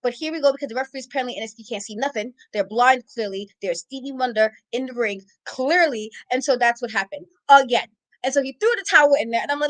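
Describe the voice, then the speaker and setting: A woman co-hosting a casual wrestling talk show, ranting in a sassy, exasperated, animated way. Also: high voice, fast talker, dry recording, poor audio. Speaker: podcast co-host. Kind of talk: casual wrestling recap rant.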